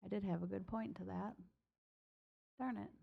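A woman in a relaxed casual chat, rambling a little with fillers. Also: mid-range voice, moderate pace, creaky, slightly rough, dry recording, dull audio.

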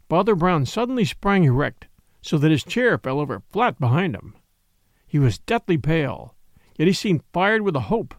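A man narrating a mystery story in a measured, expressive audiobook reading. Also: fairly high pitch, no echo, clean studio sound.

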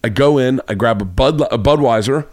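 A man's voice: mid-range voice, a little fast, a little mellow, no room sound, studio quality. A man hosting a podcast, telling a long rambling anecdote in casual chat and acting out the quoted lines. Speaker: podcast host. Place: home studio.

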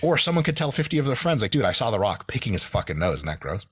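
A man's voice: lowish voice, quick pace, breathy edge. A man with an American accent telling stories as a podcast guest, swearing often and acting out quotes in shifted voices. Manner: animated, profane, acts out quotes in shifted voices. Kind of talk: casual storytelling.

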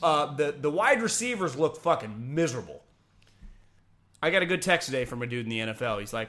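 A man talking sports in a casual, rambling, animated way, laughing and swearing as he goes. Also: a little high, brisk.

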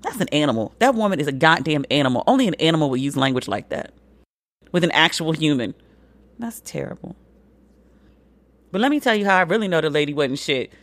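A woman hosting a solo commentary podcast, talking bluntly and profanely, and jumping up in pitch for emphasis. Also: fairly quick, pauses often, no room sound. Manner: animated, swings pitch high for emphasis. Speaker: podcast host.

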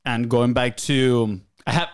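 A man's voice: medium pitch, fairly even intonation, unhurried, clear, resonant tone. A man co-hosting a podcast, asking questions in a thoughtful, hedging way. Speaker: podcast co-host. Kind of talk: casual podcast conversation.

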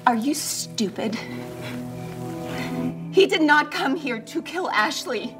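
An actress playing a grieving mother who lashes out in bitter, shouted accusations. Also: high-pitched, animated, slow. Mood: vengeful. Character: grieving, furious mother lashing out. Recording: film clip with music underneath.

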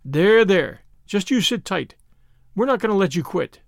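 A man reads the part of a bold young American in a storybook reading, breezy and slangy with an American drawl. The voice sits high and swings lively up and down. It is recorded close and dry. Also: moderate pace, creaky, no echo. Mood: gentle.

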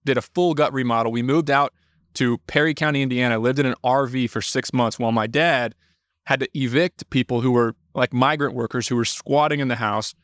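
Animated man telling stories, dry sound. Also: mid-range voice, a little fast, no room sound. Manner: animated, swears freely, acts out quotes. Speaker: podcast guest, entrepreneur. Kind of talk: casual storytelling.

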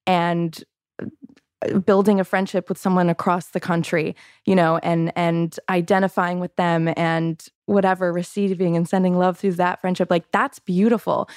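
A woman's voice: fairly low pitch, level tone, normal speed, a little mellow, no echo, clean studio sound. A woman in her twenties from Illinois, a podcast guest talking in a thoughtful, chatty way. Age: 20s. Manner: thoughtful, hedging with fillers. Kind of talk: casual podcast chat.

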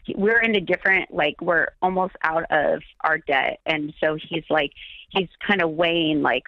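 A woman calling into a radio advice show, talking in a hesitant, halting way. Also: low-pitched, dry recording. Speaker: caller. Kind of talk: call-in conversation. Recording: dull phone line.

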